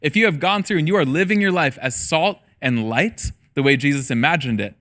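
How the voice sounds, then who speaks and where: A man's voice: on the high side, animated, brisk, a bit bright. A man in his thirties, a middle school pastor, preaching a casual sermon with personal stories and jokes. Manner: casual storytelling with jokes and laughter.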